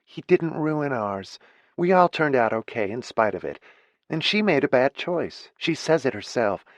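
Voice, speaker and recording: A male narrator voicing a fair-minded grown daughter who speaks gently and evenly. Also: medium pitch, very animated, no echo, pitched above the performer's own voice. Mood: gentle. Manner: gentle, measured.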